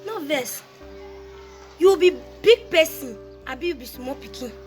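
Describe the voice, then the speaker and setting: An actress playing a sassy young woman in a Nollywood comedy, speaking softly and dismissively with a Nigerian accent. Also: sits high, animated, measured pace, faint music behind.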